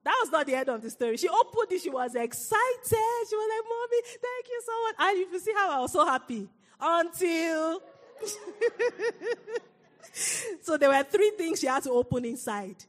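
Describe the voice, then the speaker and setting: A woman preaching a sermon, telling a personal story in an animated way and laughing often. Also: very high voice, measured pace, big-room sound.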